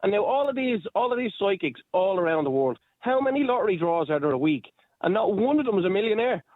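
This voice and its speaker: An Irish man rings a radio show and talks bluntly and cynically, swearing as he goes. His voice sits a little high and comes through a thin, tinny phone line. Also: very animated, fast, dry recording. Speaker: caller.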